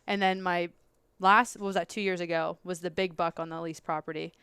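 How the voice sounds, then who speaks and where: A woman guest on a podcast tells a story in a smooth, clear voice, laughing often and jumping into loud, high bursts when she acts out what she said. The recording is close and dry. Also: steady tone, fairly quick, no echo. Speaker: podcast guest, law enforcement officer. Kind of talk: animated storytelling in casual chat.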